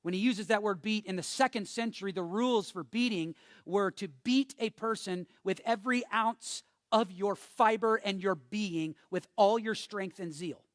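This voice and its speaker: A man's voice: sits high, moderate pace, hardly any pauses, no room sound, studio quality. A man preaching a sermon as pastor, joking with the congregation and building to emphatic, repeated warnings. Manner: jokey, emphatic preaching with call-and-response.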